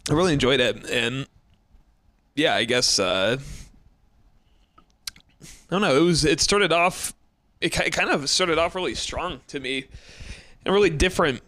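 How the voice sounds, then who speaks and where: A man's voice: fairly high pitch, lively intonation, normal speed, pauses often, sharp tone, dry recording. A man co-hosting a podcast, chatting casually about an old film, rambling with many restarts and laughing easily. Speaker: podcast co-host.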